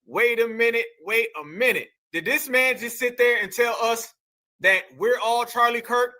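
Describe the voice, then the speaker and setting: High bright incredulous male commentator. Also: normal speed. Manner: incredulous, slangy. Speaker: host reacting to clips. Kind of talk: casual reaction commentary.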